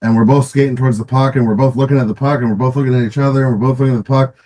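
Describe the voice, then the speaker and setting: A man's voice: mid-range voice, fairly even intonation, very fast, dark tone, low-quality recording. A middle-aged man, a former pro hockey player, casually telling stories in an interview with many restarts and fillers, often laughing.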